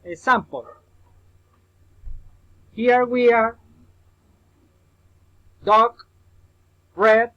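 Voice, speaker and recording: A man teaching a recorded English pronunciation lesson, drilling example words slowly and repeatedly and addressing the listener as his student. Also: high voice, pushed and bright, low-quality recording.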